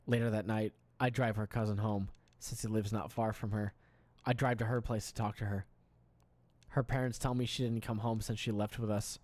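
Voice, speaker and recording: Man reading a story, deadpan. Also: on the low side, dry recording. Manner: deadpan, breaks into laughter. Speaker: story reader. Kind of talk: reading an online story aloud.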